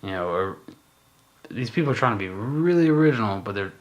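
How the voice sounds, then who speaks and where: A man's voice: fairly low pitch, lively intonation, fairly quick, dull audio. A man co-hosting a podcast in casual chat, musing and rambling with lots of fillers and swearing. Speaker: podcast co-host.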